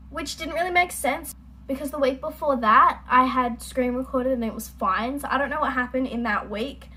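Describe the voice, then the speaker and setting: Chatty young woman, slightly high voice. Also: fairly bright tone, slight background noise, low-quality recording. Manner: chatty, rambling, apologetic. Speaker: reaction video host. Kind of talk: casual chat. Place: at home, indoors.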